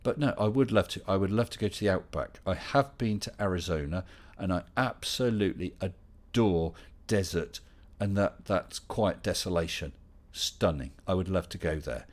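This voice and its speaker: A middle-aged man hosts a relaxed live Q&A stream with a fairly low voice. He chats easily, picks up viewers' questions one after another and answers them with dry humor. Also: moderate pace. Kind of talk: casual live Q&A chat.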